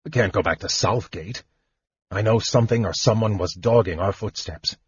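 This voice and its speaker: A big, simple-hearted warrior speaks plainly in a low, husky voice, as a male narrator reads him. The recording is dull and dry. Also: moderate pace, dry recording. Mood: uneasy. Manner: plain, puzzled.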